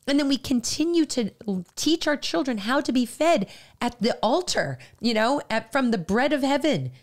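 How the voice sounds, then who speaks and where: Middle-aged woman on a church podcast, kinda high voice, lots of ums, gets heartfelt. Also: very animated. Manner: halting, filler-heavy, growing emotional and earnest. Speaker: podcast co-host. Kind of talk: faith-based casual podcast talk.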